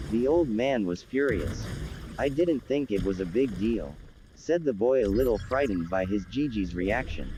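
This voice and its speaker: A man reading a fan fiction story aloud in a level, even manner, with little change between characters. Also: lowish voice, moderate pace, slight background noise, low-quality recording.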